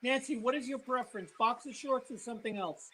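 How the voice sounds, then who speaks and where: A woman's voice: fairly high pitch, fairly quick, sharp tone, slightly rough, rough recording. A woman co-hosting a casual chat, brash, teasing and profane. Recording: busy crowd chatter behind.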